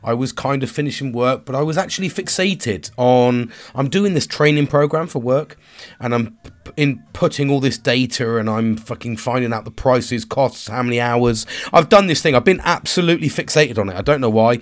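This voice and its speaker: A man's voice: medium pitch, moderate pace. Sweary stressed man rambling. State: stressed and tired. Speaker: vlogger and father. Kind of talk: candid confessional monologue.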